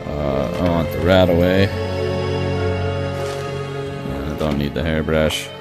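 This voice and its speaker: Young man, gaming commentary, low voice, unhurried, chatty, game music behind. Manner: chatty, joking, reacting aloud. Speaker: gaming streamer. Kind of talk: casual gameplay commentary.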